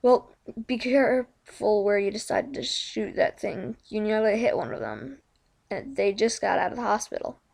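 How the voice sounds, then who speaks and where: A woman's voice: medium pitch, lively intonation, normal speed, gravelly, a little mellow. A woman reading aloud and voicing a bookish, easily exasperated female pony librarian with a prim manner. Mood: scolding.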